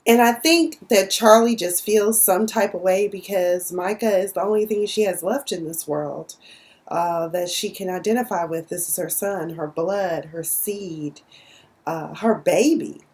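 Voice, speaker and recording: A woman's voice: medium pitch, gravelly. A young woman from Dallas, sassily recapping a TV episode in a casual, outspoken way. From Dallas, Texas. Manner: sassy, outspoken, cussing.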